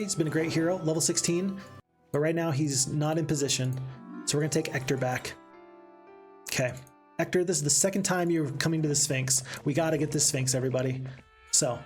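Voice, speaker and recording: A man streaming a strategy game live, chatting and reading viewer comments aloud, with sudden excited outbursts. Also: on the high side.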